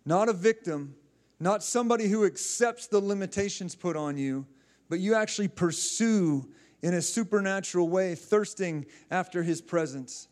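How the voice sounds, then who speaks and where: A man's voice: sits high, normal speed, darkish tone. A male pastor preaching a sermon, fervently exhorting the congregation with calls and responses and often repeating and restarting his phrases.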